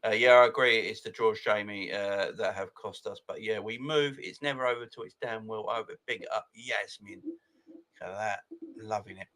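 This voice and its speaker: An excitable man in his forties hosts a football fan channel, reading viewer comments in a casual live chat. His voice is on the low side at a normal speed, and he laughs often and greets viewers by name.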